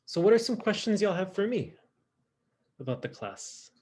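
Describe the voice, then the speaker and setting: A man teaching a French class online, modeling pronunciation in an exaggerated, lively way over a video call. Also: high voice, moderate pace. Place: home, virtual class. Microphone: computer mic on a video call.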